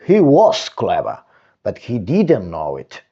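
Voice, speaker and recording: A man reading a children's bedtime story aloud, slow and expressive with dramatic pauses, into a desktop microphone. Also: on the low side, breathy edge, lo-fi sound. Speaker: storytime reader.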